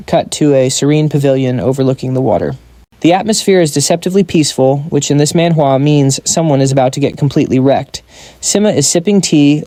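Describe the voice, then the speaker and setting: A man's voice: on the high side, warm tone, no echo. A man narrating a comic story recap in a scripted style, dropping wry joking asides.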